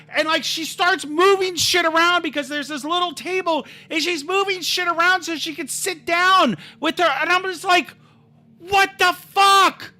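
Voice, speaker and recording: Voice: extremely high pitch, bright, forceful tone. A livestreamer telling a rambling, heated story in casual chat, swearing freely and talking over their own restarts.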